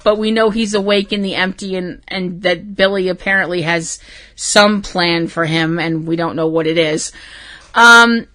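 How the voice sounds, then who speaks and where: A woman hosting a casual fan podcast, talking dramatically and swinging from loud outbursts to hushed asides. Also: lowish voice, fairly even intonation, normal speed. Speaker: podcast host.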